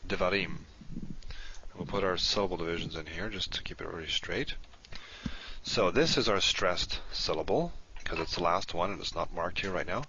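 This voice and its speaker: A man with a very low, bright-toned voice gives a methodical recorded lecture. He explains each term step by step. The sound is dull and lo-fi. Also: normal speed, slight background noise. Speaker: language teacher.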